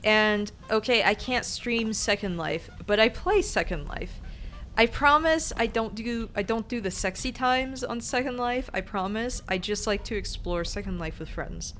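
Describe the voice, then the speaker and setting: Bright-voiced chatty woman streamer. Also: fairly high pitch, a little slow, faint music behind. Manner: chatty and rambling, self-conscious, giggly. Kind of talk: casual gaming stream chat.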